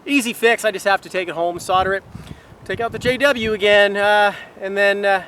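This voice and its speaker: A man's voice: sits high, steady tone, normal speed, fairly bright tone. A man casually explaining his hobby outdoors on a hilltop, talking step by step with plenty of fillers. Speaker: RC glider pilot and vlogger. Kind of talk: casual outdoor vlog with tips. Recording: wind noise on an outdoor camera mic.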